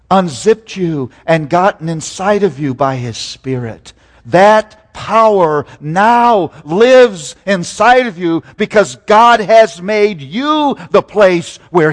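A man preaching a sermon, swinging between loud emphatic peaks and hushed low lines. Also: big-room sound.

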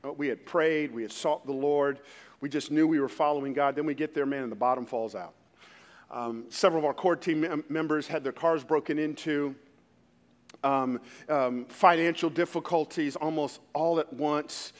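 A man in his thirties preaching a sermon, with fervent, emphatic delivery that swings from quiet storytelling to loud declarations. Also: on the high side, fairly even intonation, normal speed, in a large hall. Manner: preaching with rising fervor and street-tinged emphasis. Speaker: pastor.

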